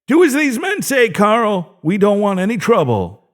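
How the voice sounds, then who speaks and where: A man's voice: high-pitched, huge pitch swings, slow pace, husky, pitched above the performer's own voice, full character voice. A man voicing an injured bank manager who pleads and speaks fearfully. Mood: pleading. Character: injured, terrified middle-aged male bank manager. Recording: dry close-mic narration.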